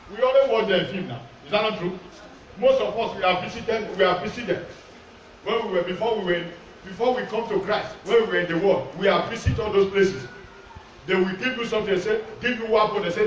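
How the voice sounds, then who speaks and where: High-voiced preacher in an echoey church. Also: male voice, brisk, highs cut off, slight background noise. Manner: preaching with pidgin asides and acted quotes. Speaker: pastor. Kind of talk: sermon. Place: large church hall. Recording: echoey church hall, distant mic.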